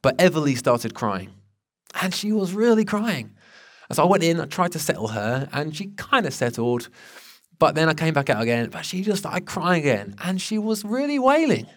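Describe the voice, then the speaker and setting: A man preaches to his congregation, speaking in a fairly high, lighter register. His delivery is earnest and conversational, full of restarts as he tells a personal story. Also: very animated, normal speed. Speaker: pastor. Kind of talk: sermon.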